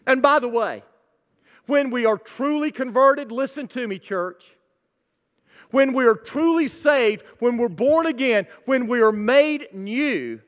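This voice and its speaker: A man's voice: very high voice, bright, forceful tone. A male pastor preaching a sermon with emphatic, direct address to his congregation. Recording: long church-hall reverb.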